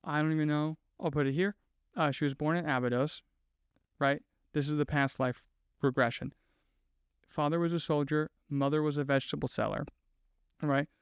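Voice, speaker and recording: A man's voice: on the high side, steady tone, moderate pace, long pauses, smooth, no room sound. Guy podcasting, rambly storytelling w lots of "like", clean dry sound. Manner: chatty, lots of "like" fillers, laughs at own asides. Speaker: podcast host.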